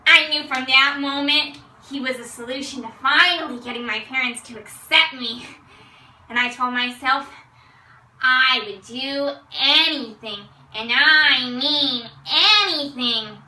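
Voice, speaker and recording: A young woman with a high, very bright, sharp voice tells a comic tale in character. She is theatrical and excitable and stretches out her big moments with slow pauses. She is recorded from a distance in a roomy, echoey space. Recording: roomy sound from a distant mic.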